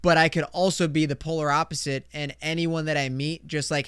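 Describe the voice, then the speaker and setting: Young guy hosting a podcast, rambly and sweary, kinda high voice, crisp and dry sound. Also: flat delivery, fairly quick, a bit bright, no echo. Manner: rambling, profane, heavy on "like" and "dude"; swings between fired-up rants and mumbled asides. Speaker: podcast host. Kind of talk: solo podcast chat.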